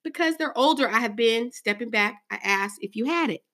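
A woman's voice: fairly high pitch, animated, brisk, a bit bright. A woman co-hosting a casual talk show, sassy and emphatic. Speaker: podcast co-host. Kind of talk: casual chat.

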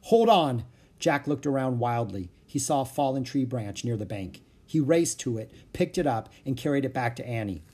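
Husky man reading a children's book. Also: mid-range voice, moderate pace, hardly any pauses. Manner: lively storytelling. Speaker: narrator.

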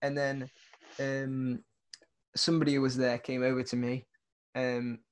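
A man's voice: medium pitch, level tone, unhurried. A young man, co-hosting a podcast and telling a story in casual chat, laughing often and using lots of fillers. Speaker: podcast co-host.

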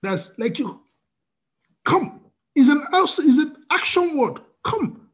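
A man's voice: very high voice, big pitch swings, measured pace. A man preaching a sermon as pastor, asking the congregation rhetorical questions.

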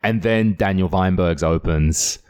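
Casual Estonian-accented man, low voice. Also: measured pace, clear, resonant tone. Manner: swearing, animated storytelling with loud put-on shouts. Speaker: comedian podcast host. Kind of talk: casual chat.

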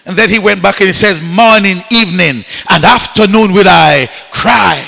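A man preaching a sermon, shouting and leading the congregation in chanted call-and-response refrains. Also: high voice, moderate pace, creaky. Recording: echoey hall.

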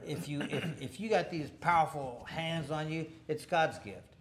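A man's voice: a little high, measured pace. A middle-aged man telling a boxing story in a casual interview, rambling with many restarts and chuckling along the way. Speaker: former boxer telling a story.

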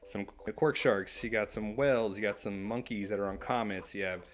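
A man co-hosting a casual chat about a comic book, animated and quick to act out characters' lines. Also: fairly low pitch. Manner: animated, acts out characters' lines while retelling. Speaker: podcast co-host.

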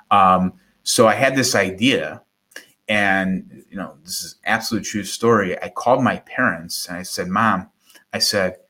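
A middle-aged man, a guest, telling a personal story in conversation, animated and acting out quoted voices. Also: fairly low pitch. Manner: animated, acts out quoted voices, repeats words.

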